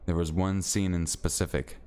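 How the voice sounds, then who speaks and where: A man's voice: deep voice, fairly even intonation, normal speed, warm tone, clear, resonant tone. A man streaming live, chatting casually with viewers and reading stories aloud in a laid-back, rambling way.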